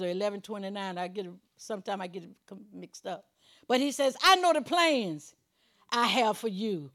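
A woman preaching a sermon in an emphatic, conversational way, moving between loud declarations and quiet asides. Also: fairly high pitch. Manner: chuckles while preaching, conversational.

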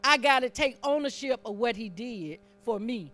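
A woman's voice: a little high, lively intonation, normal speed, few pauses, fairly bright tone, dry recording. A woman preaching a sermon in a conversational, fervent way, teasing the congregation and building up emphasis as she reads scripture.

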